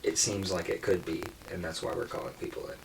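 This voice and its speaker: A man voicing a somber small-town police officer, speaking haltingly with many pauses. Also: sits low, flat delivery, recorded from a distance, a little hiss or hum, poor audio. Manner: hesitant, halting delivery with many ums.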